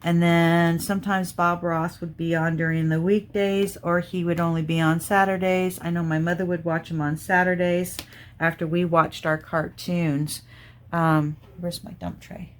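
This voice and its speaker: A middle-aged woman with a slightly low voice chats easily to her viewers while she crafts. She rambles and thinks out loud, wandering from one thought to the next in a relaxed, homey way. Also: measured pace, a little hiss or hum. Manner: chatty and rambling, thinking aloud. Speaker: crafting channel host. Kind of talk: casual chat while diamond painting.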